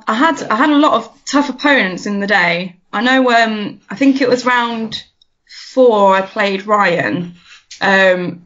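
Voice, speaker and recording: A woman's voice: mid-range voice, fairly bright tone. A woman, a podcast guest chatting casually, laughing often and restarting her sentences. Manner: giggly, stammering restarts. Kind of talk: casual chat. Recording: dull lo-fi audio.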